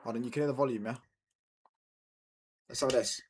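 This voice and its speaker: His pitch settles to medium and his tone holds steady as he speaks briskly, with slight background noise on the stream. The young man keeps chatting about the football, repeating himself and bantering in slang with viewers.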